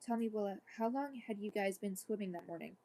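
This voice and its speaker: A woman voicing a calm, kind female doctor on the phone, speaking gently and softly. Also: medium pitch, a little fast, slight background noise, lightly acted. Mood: gentle. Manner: gentle, reassuring, softly spoken.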